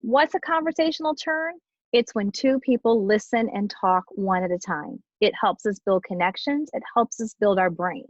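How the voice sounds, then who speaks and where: A woman's voice: mid-range voice, normal speed, dry recording, lo-fi sound. A middle-aged woman presents a family literacy webinar in an encouraging, parent-to-parent way.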